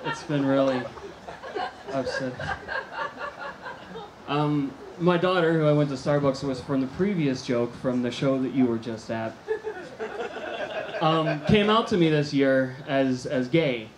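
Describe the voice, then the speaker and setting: A middle-aged American man performing a stand-up comedy set on a theater stage, telling deadpan absurd one-liners into a handheld mic. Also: medium pitch, a little slow, long pauses. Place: movie theater stage before a live audience. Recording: echoey theater room with faint noise.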